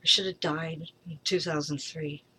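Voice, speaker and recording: A middle-aged woman in a rambling personal monologue, frustrated, halting, swearing freely and trailing off. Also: low voice, steady tone, bright, forceful tone, slight background noise. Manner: halting, with many pauses and fillers. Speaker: vlogger.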